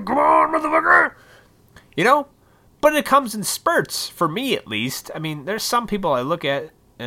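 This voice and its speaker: A man in his thirties from Illinois hosts his own podcast and rambles through a casual, profane rant. His voice is bright and forward, and his pitch leaps around animatedly, rising into sudden loud bursts. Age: 30s. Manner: profane, rambling, swings into loud excited outbursts. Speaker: podcast host.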